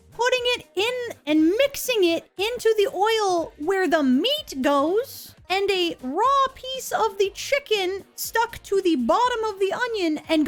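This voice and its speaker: A young woman telling a story in a casual, animated way and acting out the people in it. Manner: animated, acts out quoted people in lower voices.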